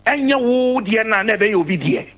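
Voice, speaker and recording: Emphatic high-voiced male caller. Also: lively intonation, normal speed, fairly bright tone, muffled recording. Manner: emphatic, repeats key phrases. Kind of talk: political call-in commentary.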